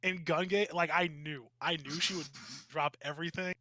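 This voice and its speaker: A man co-hosting a casual podcast, telling stories in an animated, rambling way and swearing freely. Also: fairly high pitch, normal speed, dry recording. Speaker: podcast co-host.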